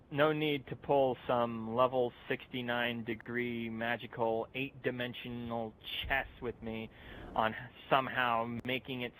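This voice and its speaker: A man's voice: medium pitch, a bit bright, a little hiss or hum, poor audio. A young man delivering a mocking, profane rant aimed at other online commentators, laughing at his own jokes. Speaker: youtuber ranting at other channels.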